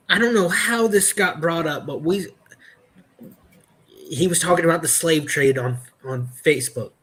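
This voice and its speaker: A man chatting casually on a podcast, telling stories in a halting way with many restarts and fillers. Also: fairly high pitch, fairly bright tone. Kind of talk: casual chat.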